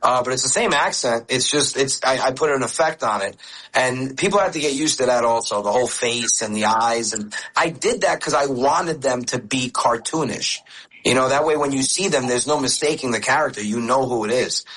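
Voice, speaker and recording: A man chatting as a guest comic in an interview. His pitch sits in the middle. He laughs easily and stumbles over repeated words as the stories pour out. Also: normal speed, a bit bright, slightly rough, rough recording. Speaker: comedian guest. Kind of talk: casual interview chat.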